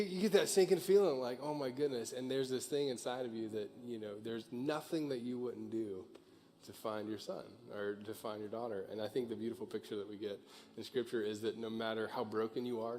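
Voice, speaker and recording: A young man speaks as a pastor to a church room through a stage microphone. His voice sits a little low. He talks loosely and jokingly, with many fillers, then moves into prayer. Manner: casual, joking, full of fillers. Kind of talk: informal sermon and prayer. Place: church auditorium.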